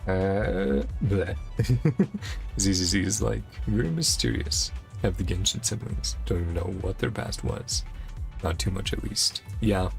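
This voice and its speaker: A man's voice: sits low, moderate pace, vocal fry, faint music behind. A man streaming a video game, chatting casually and rambling with frequent chuckles. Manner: relaxed, rambling, chuckles often. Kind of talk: casual gameplay commentary.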